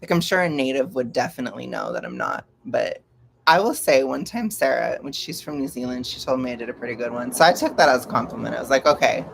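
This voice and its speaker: A young man with a gravelly edge talks casually from home, rambling and poking fun at himself. He laughs often between his thoughts. Faint room noise sits under his voice. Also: medium pitch. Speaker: vlogger. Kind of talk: casual live-stream chat.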